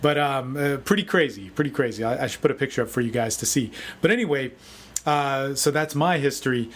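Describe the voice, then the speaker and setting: A man giving a casual, energetic motivational talk as a dating coach, often saying "man". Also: medium pitch, fairly quick. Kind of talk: casual video talk answering a forum question.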